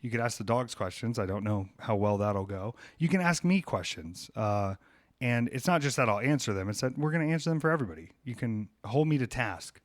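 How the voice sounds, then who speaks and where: A man's voice: mid-range voice, lively intonation, a little fast, dry recording, clean studio sound. A man hosting a podcast, talking in a rambling, jokey, riffing way. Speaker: podcast host. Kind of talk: casual chat.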